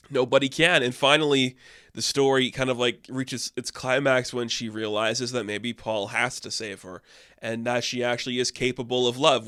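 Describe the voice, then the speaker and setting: A man's voice: mid-range voice, fairly bright tone, clean tone. A man reviewing a classic film in casual, enthusiastic chat, with many fillers and restarts.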